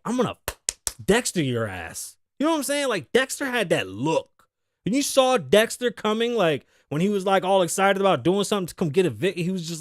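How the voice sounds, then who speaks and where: A man in his thirties hosting his own podcast, riffing in a loud, joking, profane way. His voice sits high and swings up and down a lot. The sound is dry and close, with no room around it. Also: dry recording. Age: 30s. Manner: profane, animated, joking, laughs often. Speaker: podcast host. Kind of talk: casual solo podcast rant. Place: studio.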